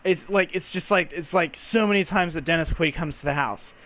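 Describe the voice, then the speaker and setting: A man's voice: fairly high pitch, fairly quick, a bit bright. A man co-hosting a casual movie review podcast, rambling and acting out quotes, with some swearing. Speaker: podcast co-host.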